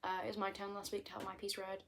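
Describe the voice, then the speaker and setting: A woman's voice: medium pitch, completely flat delivery, fast, fairly bright tone, slight background noise. A woman in her twenties with a British accent, chatting casually and self-mockingly to camera from her bedroom, hopping between topics. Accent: British English. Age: 20s. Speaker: vlogger.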